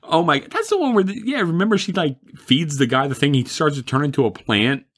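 A man's voice: a little high, sing-song, a little fast, a bit bright, breathy edge. A man chatting casually about movies, rambling and mocking, laughing often.

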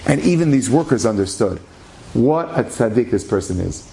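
Brief: inspirational male storyteller, dramatic pauses, lively. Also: medium pitch, creaky. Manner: animated, dramatic pauses, shifting pace.

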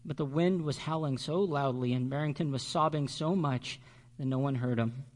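A male pastor reading a children's story aloud during a sermon, expressive and measured. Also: medium pitch.

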